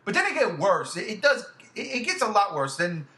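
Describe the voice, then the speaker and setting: A man co-hosting a casual podcast chat, talking loosely with heavy swearing and sudden loud outbursts. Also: high voice, big pitch swings, brisk, roomy sound. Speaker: podcast co-host.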